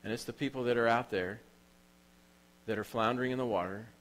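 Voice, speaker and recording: A man's voice: mid-range voice, a little fast, a bit bright, rough recording. A man preaching a sermon in a church as pastor, telling stories with emotion and repeating phrases for emphasis.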